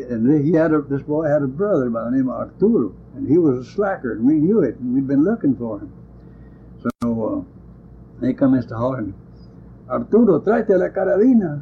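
A man's voice: mid-range voice, vocal fry. An older man, telling rambling, folksy stories from his days as a lawman in an oral history interview. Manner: rambling, folksy, ungrammatical country speech. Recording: tinny lo-fi tape with hiss.

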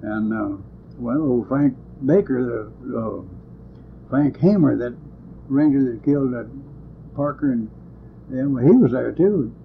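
This older man's voice is medium-pitched and creaky, unhurried and broken by frequent pauses. In an oral history interview he tells rambling, folksy stories from his lawman years in ungrammatical country speech, captured on tinny lo-fi tape with hiss.

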